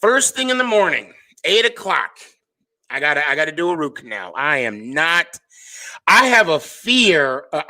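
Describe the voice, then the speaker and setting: A man's voice: fairly high pitch, sharp tone. A man hosting a live stream, chatting casually, reading viewer comments and rambling through jokes. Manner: rambling, joking, self-interrupting.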